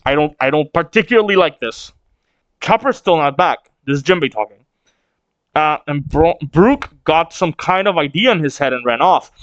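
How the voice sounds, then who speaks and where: A man's voice: fairly high pitch, expressive, moderate pace, a bit bright, no room sound, lo-fi sound. A man hosting a casual manga read-along reaction, rambling with restarts and casual swearing.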